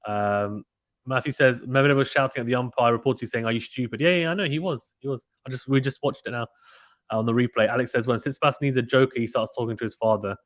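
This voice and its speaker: A man's voice: mid-range voice, fast talker, no room sound. Chatty man commentating tennis live. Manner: chatty, excitable, uses British slang. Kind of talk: casual live play-by-play commentary reading chat.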